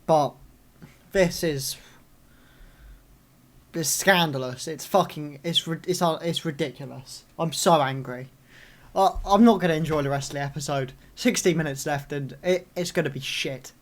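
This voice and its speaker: A young man hosting a live reaction video, ranting angrily and swearing, with sudden loud outbursts. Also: on the high side, normal speed.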